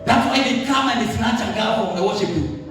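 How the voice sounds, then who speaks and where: A man with a Kenyan accent preaching a sermon as pastor, lively and animated, dropping into Swahili phrases. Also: high-pitched, normal speed. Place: church. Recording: echoey church hall, voice from a distance, faint music.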